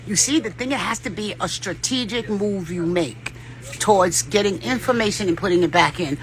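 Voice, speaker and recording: A woman's voice: medium pitch, animated, moderate pace, pushed and bright. A woman vlogger giving rambling, profane spiritual advice in a casual talk, often laughing.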